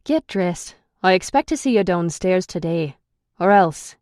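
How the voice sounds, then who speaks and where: A woman's voice: lowish voice, expressive, measured pace, darkish tone, dry recording, clean studio sound. A woman voicing a bossy, hot-tempered supernatural young man who scolds and commands. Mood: stern.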